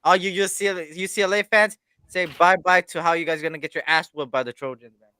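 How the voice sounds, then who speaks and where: Brash, bright-voiced young man. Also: high-pitched, fast talker, smooth. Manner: excitable, brash, swears freely. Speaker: live stream co-host. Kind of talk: casual sports chat.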